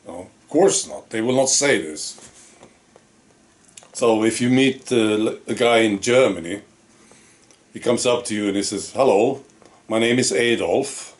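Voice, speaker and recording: A man's voice: on the low side, unhurried, long pauses. A man giving a casual monologue to camera as a video commentator, often tagging his statements with rhetorical questions.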